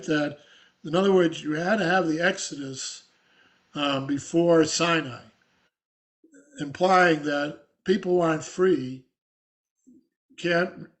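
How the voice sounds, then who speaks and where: An older man, a rabbi, teaching an adult class over a video call in a halting, scratchy voice full of restarts. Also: fairly high pitch. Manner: halting, with many fillers and restarts. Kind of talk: informal online lecture.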